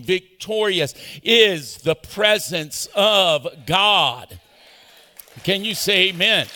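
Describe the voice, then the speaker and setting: A male pastor preaching an animated sermon, calling on the congregation to answer back. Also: high-pitched. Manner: animated preaching with call-and-response. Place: large church auditorium. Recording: echoey church hall.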